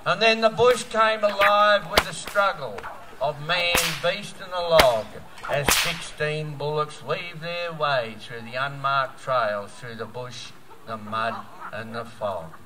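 A man's voice: a little high, slow, poor audio. A man in his seventies with an Australian accent, reciting a bush poem in a rhythmic storytelling way over music. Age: 70s. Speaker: bush poet.

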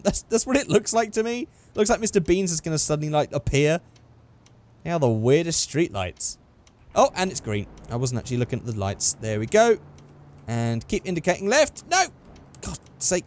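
A man's voice: a little high, a little mellow, a little hiss or hum. A young man giving sarcastic, exasperated running commentary while playing a driving game. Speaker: gaming channel host. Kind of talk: let's play commentary.

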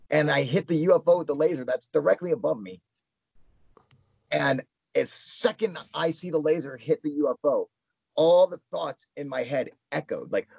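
A young man, an interview guest, telling an excited story, swearing often and filling his talk with "like". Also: on the high side, gravelly, husky, no room sound. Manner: excited, swears a lot, heavy filler "like". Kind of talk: casual storytelling. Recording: dull lo-fi sound.

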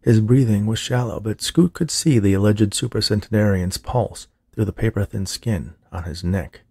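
A man reading a horror story aloud as narrator, steady and measured, with a husky, creaky voice. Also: on the low side, no echo, clean studio sound. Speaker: audiobook narrator.

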